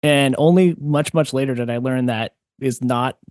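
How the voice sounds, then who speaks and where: A man's voice: medium pitch, normal speed, darkish tone, dry recording, clean studio sound. A man from Massachusetts co-hosting a podcast, chatting casually with wry, amused, rambling asides. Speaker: podcast co-host. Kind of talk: casual chat.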